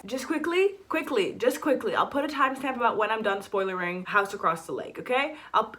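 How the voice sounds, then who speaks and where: Bright-voiced chatty American young woman. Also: a little high. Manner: chatty, animated, ranting, frequent "like" fillers. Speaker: book vlogger. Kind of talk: casual book review chat.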